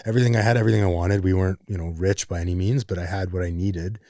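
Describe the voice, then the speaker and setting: A man telling his story in a reflective, measured way in a casual podcast conversation. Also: low voice, fairly even intonation, warm tone, dry recording, clean studio sound.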